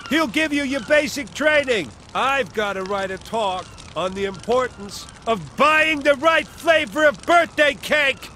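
A pompous cartoon fire chief barks orders at recruits. His voice sits very high and bright, with a faint hiss of background noise. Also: animated, measured pace, few pauses, exaggerated voice. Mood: bossy. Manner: pompous and bossy. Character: bossy jolly male fire chief. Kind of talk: animated cartoon voice acting.

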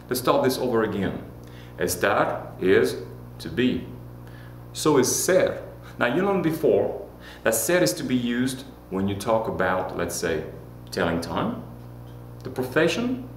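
A man teaching a Spanish lesson in a chatty way, repeating examples slowly and correcting himself as he goes. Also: medium pitch, echoey room, slight background noise. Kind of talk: classroom-style language lesson.

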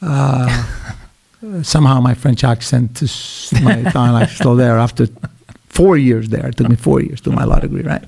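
A middle-aged man from Quebec, telling stories as a podcast guest in an animated, emphatic way with blunt asides. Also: medium pitch, normal speed, vocal fry, breathy edge. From Quebec, Canada. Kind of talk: casual podcast conversation.

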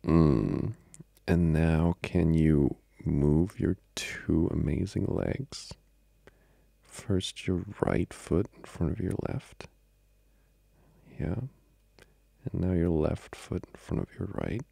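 A young man voicing a needy, playful boyfriend in a whispered role-play, speaking in soft, intimate whispers broken by giggles. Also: rumbling low, slow pace, creaky, pauses often, dry recording, exaggerated voice. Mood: playful, coaxing. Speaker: ASMR role-play creator.

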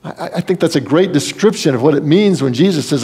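A man's voice: fairly high pitch, lively intonation, a little fast, hardly any pauses, warm tone, breathy edge. A man preaching a sermon as pastor, earnest and conversational, with folksy asides.

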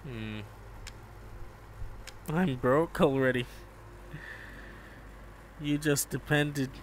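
Guy doing a laid-back game stream, talks slow, says bro a lot, faint noise. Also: mid-range voice. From Jamaica. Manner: laid-back, chats with viewers, calls them bro. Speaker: gaming streamer. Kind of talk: live gameplay commentary.

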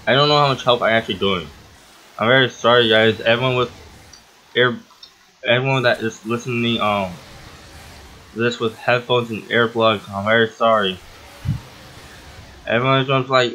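A man giving casual, excitable let's-play commentary as the host of a gaming channel, rambling and often yelping or laughing. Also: medium pitch, normal speed, long pauses, slight background noise, rough recording.

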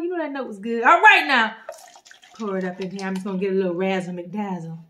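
A woman vlogging a casual drink review, playful and slangy with sudden animated bursts. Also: medium pitch, fast talker. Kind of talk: casual chat.

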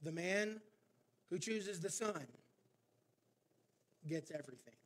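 Insistent auctioneer, read by a pastor in a high male voice, pushes with repeated questions. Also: lively intonation, slow, exaggerated voice. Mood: calm.

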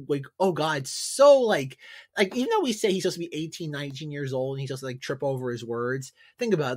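A man co-hosting a casual film podcast, making his case with many fillers. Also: on the high side. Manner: argumentative, building a case with lots of "like". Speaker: podcast co-host. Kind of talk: casual comedic film discussion.

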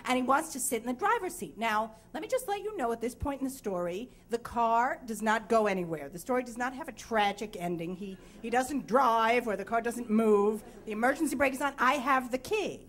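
High-voiced frank comic woman storyteller. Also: animated, fairly quick, hardly any pauses. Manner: frank, self-deprecating and comic. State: sleep-deprived. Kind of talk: live stage storytelling. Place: stage before a live audience.

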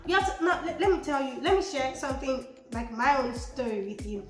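A young woman, talking casually to her viewers about self-improvement, chatty and animated. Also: sits high, a little fast. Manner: chatty, animated, raises voice when emphatic. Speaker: vlogger. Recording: echoey room with music behind.

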